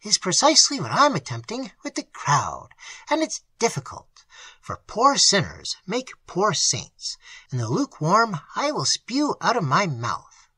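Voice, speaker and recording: A reader with a hoarse voice voicing an old male pastor who speaks fervently and emphatically in an audiobook. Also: medium pitch, huge pitch swings, measured pace, bright, forceful tone, no room sound, full character voice.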